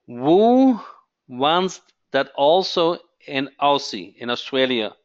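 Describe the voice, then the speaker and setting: Guy doing a live webinar pitch, talks real slow, keeps saying okay?, kinda dull lo-fi stream audio. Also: fairly bright tone, smooth. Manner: keeps checking in with "okay?", repeats phrases. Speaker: webinar host.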